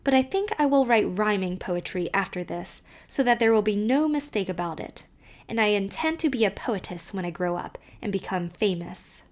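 A woman narrating an audiobook, reading a child's first-person letter aloud with expressive, varied delivery. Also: mid-range voice, moderate pace.

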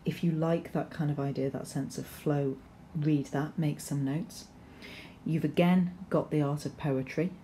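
Woman English teacher, low and mellow, explains patiently with ums, faint background noise. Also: measured pace. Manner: explanatory, steady, with frequent ums and restarts. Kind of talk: recorded poetry lesson with slides.

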